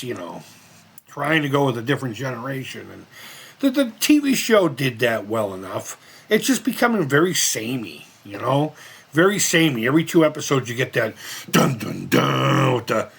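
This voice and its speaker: A man's voice: medium pitch, vocal fry, a bit bright, husky. A man hosting his own channel, chatting casually through reaction commentary in a rambling way and swearing freely. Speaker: host of a retro gaming and movie channel.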